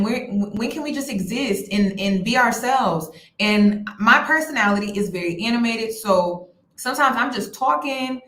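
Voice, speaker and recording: A woman hosting a casual livestream commentary, animated and expressive, sometimes blunt, talking straight to her chat. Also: fairly high pitch. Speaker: host of a commentary channel. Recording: roomy echo.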